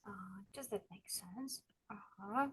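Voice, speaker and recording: Her mid-range, slightly bright voice carries a Russian accent, since she is a native Russian speaker. Teaching English online, she encourages her students and says phrases slowly, again and again, so they can copy the pronunciation.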